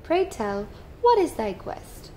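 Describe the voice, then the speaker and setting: A woman voicing a bold booming male knight from a storybook, speaking in grand old-fashioned words. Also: big pitch swings, slow pace, warm tone, slight background noise.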